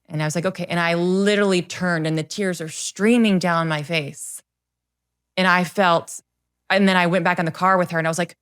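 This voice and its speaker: A woman's voice: lowish voice, a little fast. A middle-aged woman telling personal stories with earnest energy as a coach on a podcast, acting out what people said. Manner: animated, earnest storyteller who acts out quoted voices. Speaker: guest, confidence coach. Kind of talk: podcast interview storytelling.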